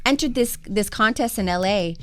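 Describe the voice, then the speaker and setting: A woman's voice: mid-range voice, moderate pace. A woman guest on a radio show in a studio, chatty and telling stories with many "you know"s. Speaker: musical co-creator, guest. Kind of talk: casual interview chat.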